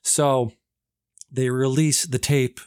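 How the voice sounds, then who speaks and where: A man's voice: medium pitch, level tone, slow pace, a little mellow, clear, resonant tone, no echo, clean studio sound. A man casually retelling a movie plot on a podcast, rambling with many fillers.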